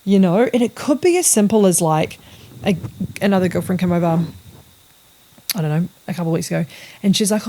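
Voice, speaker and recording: A woman in her thirties, a business coach and mother, talking in a casual, animated and sweary podcast monologue, repeating words for emphasis. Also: on the low side, moderate pace, long pauses.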